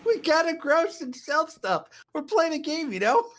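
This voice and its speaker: A woman's voice: high voice, very animated, moderate pace. A woman in casual podcast chat, teasing and laughing often.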